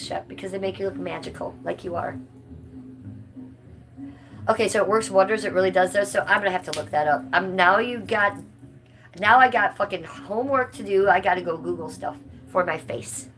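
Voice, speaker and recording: A woman's voice: medium pitch, fairly bright tone, low-quality recording. A woman hosting a livestream, chatting casually and bluntly with viewers and swearing freely. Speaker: livestream host. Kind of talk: casual livestream chat reading comments.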